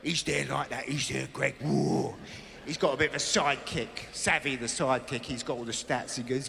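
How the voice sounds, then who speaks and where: A man's voice: medium pitch, fairly even intonation, moderate pace, vocal fry, big-room sound. A man with a British accent doing a sardonic, rambling stand-up routine. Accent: British English. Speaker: stand-up comedian. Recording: live venue with loud crowd.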